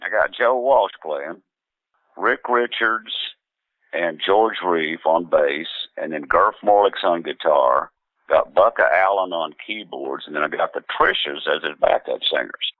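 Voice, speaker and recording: A man's voice: deep voice, unhurried, no echo, narrow, tinny audio. A man, a musician, telling a rambling story in a laid-back way, full of fillers and restarts. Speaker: musician guest. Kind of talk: casual anecdotal storytelling.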